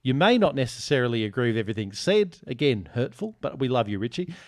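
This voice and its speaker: An Australian man hosts a podcast in relaxed, teasing banter. He reads listener reviews and ribs his co-hosts. His voice is close and dry, with no room sound. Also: medium pitch, fast, no echo. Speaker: podcast host.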